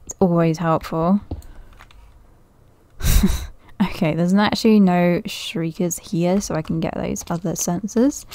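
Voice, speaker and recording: A woman's voice: fairly low pitch, fairly even intonation, measured pace, pauses often, mellow, dry recording. Woman thinking aloud over a game. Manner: thinks aloud, nervous, often laughs and drops to a whisper. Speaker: gaming video creator. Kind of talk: casual let's-play commentary.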